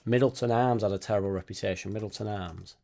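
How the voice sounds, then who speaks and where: A man's voice: on the low side, fairly even intonation, fast, creaky, mellow, a little hiss or hum. A man hosting a casual live stream, reading out chat and swearing freely as he talks. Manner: swears freely, chatty, tag questions like innit. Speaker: fan channel host reading live chat.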